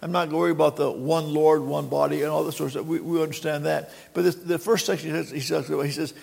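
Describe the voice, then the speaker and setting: An older man preaching a sermon, halting and repeating words, then quoting scripture with drama. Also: fairly high pitch, steady tone, creaky, a little mellow, husky. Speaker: pastor. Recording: long reverb of a hall.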